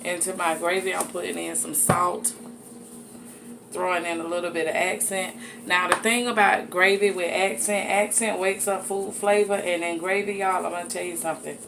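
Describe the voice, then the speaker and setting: Woman hosting a home cooking show, lowish voice, chatty, folksy, some noise behind her. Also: flat delivery, moderate pace, creaky. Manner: folksy, chatty, addresses viewers as y'all and honey. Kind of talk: casual cooking demonstration. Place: home kitchen. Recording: audible background noise.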